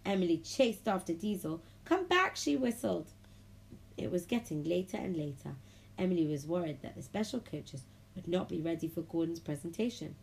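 A woman reads a children's storybook aloud in a low, slightly gravelly voice. Her delivery is lively and friendly, slipping into little character voices. Faint hiss sits under the recording. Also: a little fast, rough recording. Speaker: children's audiobook reader.

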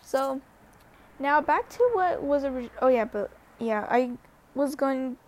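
Young woman vlogging, high voice, chatty and rambly, lots of likes and ums. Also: expressive, slow. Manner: chatty, rambling, with many fillers and restarts. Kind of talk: casual storytelling.

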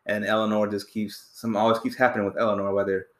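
A man's voice: on the low side, little pitch movement, fast talker, echoey room. A man hosting a podcast, chatting casually about a movie and acting out scenes with quoted voices. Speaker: podcast host.

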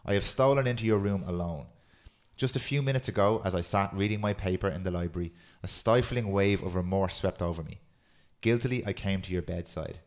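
A man hosting a podcast, chatting casually and reading a poem aloud in a steady, earnest way. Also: low-pitched, a little fast. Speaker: podcast host.

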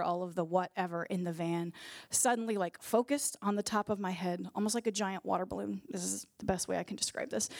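A woman's voice: medium pitch, a little mellow, dry recording, clean studio sound. A woman and regular co-host giving a casual personal faith testimony, telling it earnestly and vividly with fillers.

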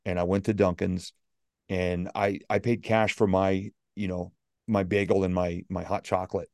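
A man with a low, mellow, warm voice tells stories as a guest on an interview. He is an animated storyteller who acts out the people he quotes, and the sound is dry and close. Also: moderate pace, vocal fry, dry recording. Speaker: motivational speaker, guest.

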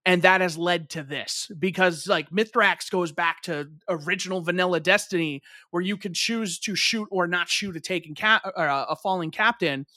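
A young man with a high, bright, ringing voice talks loosely in casual chat, stringing thoughts together with endless fillers and the odd curse word. The sound is dry and close, with no room around it. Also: normal speed, hardly any pauses, dry recording. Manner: rambling, filler-heavy, swears freely.

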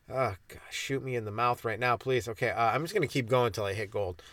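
A man who is a stand-up comedian, hosting his podcast in a rambling comedic monologue, stumbling over his words and mocking his own dark jokes. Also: medium pitch, normal speed, no room sound. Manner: self-deprecating, stumbling and restarting, dark jokes.

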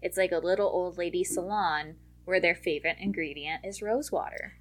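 Woman, podcast co-host, low-ish voice, wry, blunt, casual chat, swears. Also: moderate pace.

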